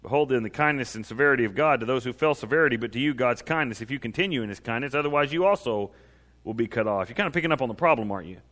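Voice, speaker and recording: A man's voice: mid-range voice, rapid-fire, a bit bright. A man preaching a sermon, reading scripture aloud with rising and falling emphasis. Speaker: pastor.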